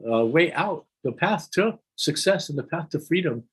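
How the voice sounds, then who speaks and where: Guy giving an emotional sermon, husky voice, keeps repeating himself, gets high and pleading. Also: animated, moderate pace, low-quality recording. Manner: builds to high-pitched impassioned pleading, with many restarts. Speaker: speaker leading a religious gathering.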